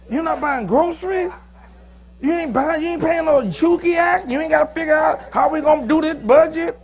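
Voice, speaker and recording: A pastor preaching a sermon in a joking, lively manner, with sudden loud, high bursts. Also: male voice, normal speed. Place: church.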